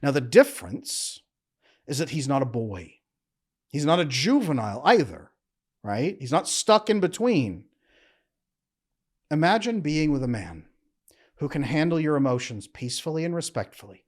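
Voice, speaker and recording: A man speaks as a relationship coach in a calm, measured way. He breaks his points into short emphatic phrases, and his pitch rises and falls a lot. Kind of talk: motivational talk to camera.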